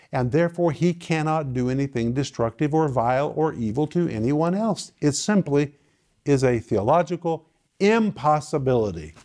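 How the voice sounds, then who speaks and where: A male preacher teaching a sermon, emphatic and repetitive, with sudden swings in loudness and pitch. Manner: emphatic, repeating phrases with sudden dynamic swings.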